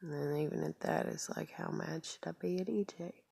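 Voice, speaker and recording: A woman's voice: deep voice, steady tone, normal speed, creaky, warm tone, dry recording. A woman talking in a rambling confessional vlog, full of fillers and trailing off into whispered asides. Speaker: vlogger.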